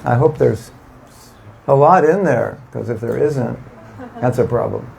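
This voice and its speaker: Man, devotional class, gravelly voice, conversational, faint background hiss. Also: medium pitch, measured pace, darkish tone, dull audio. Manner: conversational, asks the audience questions, emphatic repetition. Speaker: spiritual teacher giving a class. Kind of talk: informal devotional lecture.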